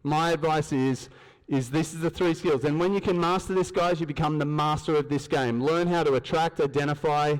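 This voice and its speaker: A man's voice: on the high side, steady tone, moderate pace, hardly any pauses. An Australian man giving a motivational stage talk at a business event, telling stories, acting out dialogue and asking the crowd questions. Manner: storytelling, acts out dialogue, asks the crowd questions. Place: large event hall, on stage. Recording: long hall reverb.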